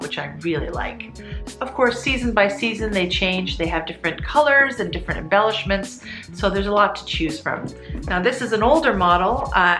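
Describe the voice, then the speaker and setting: A woman's voice: on the low side, fairly bright tone. A woman chatting casually through a handbag review in a conversational, self-joking way. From Canada. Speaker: handbag vlogger. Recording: roomy echo with faint music.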